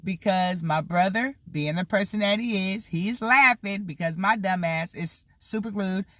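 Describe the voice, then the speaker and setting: This is a person in their thirties spinning childhood stories for a vlog, with a voice sitting at a mid-range pitch. The delivery is loose and animated, full of casual cursing and "like" fillers. The sound is close and dry, with no room echo. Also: unhurried. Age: 30s. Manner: animated, swears freely, acts out the people in the story; heavy use of "like" and "you know" fillers. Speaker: vlogger telling a story.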